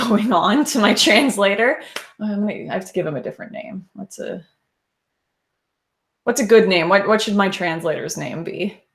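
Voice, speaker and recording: A young woman casually telling a first-person story, animated and laughing often as she talks. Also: medium pitch.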